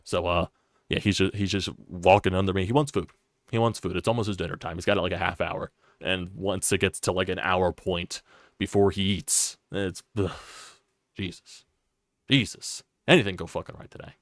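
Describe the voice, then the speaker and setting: A man's voice: sits low, steady tone, normal speed, dry recording, clean studio sound. A young man ranting on a live sports stream, frustrated and profane, repeating himself as he talks.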